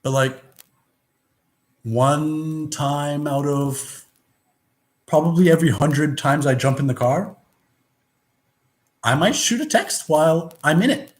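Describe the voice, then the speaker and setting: A man's voice: fairly high pitch, slow pace, long pauses. A man giving a rambling, philosophical monologue, blunt and profane, with many restarts. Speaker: vlogger. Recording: roomy echo.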